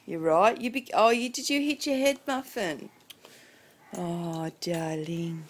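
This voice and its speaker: A woman's voice: a little high, animated, moderate pace. A mother at home, filming her toddler on a phone and chatting to the child in a playful, sing-song baby-talk voice with chuckles. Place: at home indoors. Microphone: phone camera.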